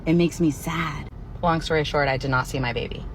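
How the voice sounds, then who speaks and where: Low-voiced woman venting bitterly. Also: steady tone, brisk, slight background noise, low-quality recording. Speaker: person venting in a video clip. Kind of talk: emotional monologue to camera.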